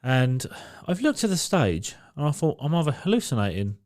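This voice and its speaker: A young man on a podcast, telling a swearing, animated anecdote with quoted voices in casual chat. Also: on the high side, normal speed. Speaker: podcast co-host.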